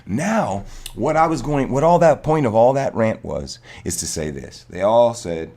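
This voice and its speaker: A man's voice: fairly low pitch, lively intonation, normal speed, few pauses, darkish tone. A man hosting a livestream, ranting heatedly in casual chat and swearing often. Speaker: livestream host. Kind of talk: casual political rant.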